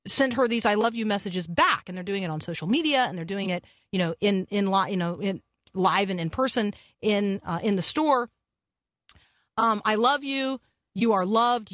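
Female radio host, energetic and rambling, dry booth sound. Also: medium pitch, no room sound. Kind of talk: Christian morning radio chat.

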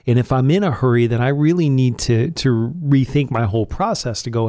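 A man co-hosts a relaxed talk about marriage alongside his wife. His voice is mellow and relaxed, recorded close and dry. He talks plainly, often restarting a phrase mid-thought. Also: medium pitch, fairly quick, hardly any pauses, dry recording. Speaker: podcast co-host. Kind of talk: casual chat about marriage.

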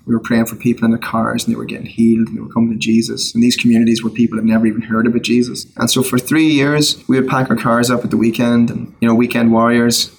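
A middle-aged Irish man, a songwriter, telling his personal story in a casual interview, earnest with quick asides and restarts. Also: mid-range voice, flat delivery, vocal fry, slightly rough, low-quality recording. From Ireland. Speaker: guest, worship songwriter.

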